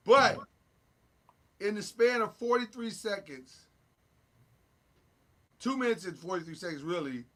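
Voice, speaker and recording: A man hosting a casual sports talk show, recapping games in an animated, joking way with sound effects. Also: sits high, a little slow, long pauses.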